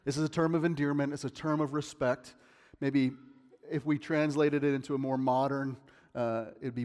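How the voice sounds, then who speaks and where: A man's voice: medium pitch, fairly even intonation, normal speed, a little mellow, in a large hall. A male pastor preaching a sermon in a conversational style, with emphatic bursts.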